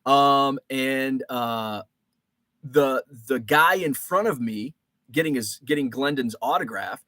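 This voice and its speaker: Guy hosting a live stream chat, rambly, lots of uh and restarts, mid pitch, dry sound. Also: slow pace, bright, forceful tone, no echo. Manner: rambling, many fillers and restarts.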